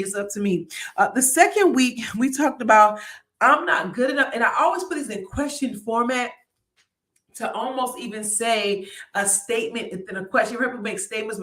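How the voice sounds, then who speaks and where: A woman's voice: on the high side, reverberant, recorded from a distance. A woman hosting a live online show, giving a motivational talk in a chatty way and often turning to her audience. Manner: lively and chatty, keeps turning to the audience with "y'all" and "right?".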